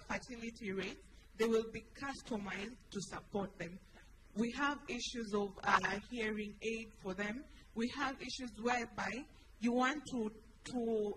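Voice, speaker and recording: A woman in the audience making an earnest appeal at a conference in a hotel hall. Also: medium pitch. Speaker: audience participant. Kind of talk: spontaneous remarks at a launch event. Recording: noisy conference hall ambience.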